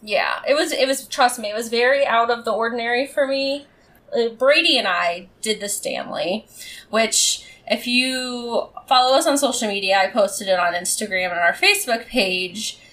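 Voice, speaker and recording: A woman's voice: fairly high pitch, moderate pace, fairly bright tone. Rambling, resonant-voiced woman co-host. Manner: rambling, self-deprecating storytelling with many restarts. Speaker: podcast co-host. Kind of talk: casual chat.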